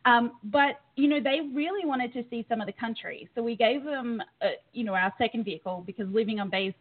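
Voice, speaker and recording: A woman's voice: fairly high pitch, a little fast. Australian woman guest, chatty and laughing, thin phone-like audio. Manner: chatty, laughs easily, many ums. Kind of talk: casual chat.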